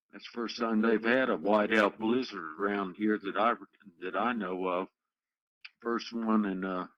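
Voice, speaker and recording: A man speaking slowly and haltingly in a casual radio chat. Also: on the low side, dry recording, dull audio.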